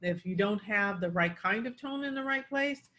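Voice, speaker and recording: A woman's voice: medium pitch, lively intonation, moderate pace, pushed and bright, dull audio. A woman coaching pronunciation, explaining word stress and demonstrating it on example words.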